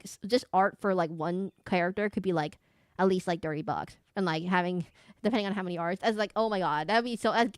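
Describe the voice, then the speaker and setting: A woman's voice: lowish voice, no room sound, studio quality. A woman in her thirties chatting casually with her stream chat, rambling and giggling with lots of fillers. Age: 30s. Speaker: VTuber streamer.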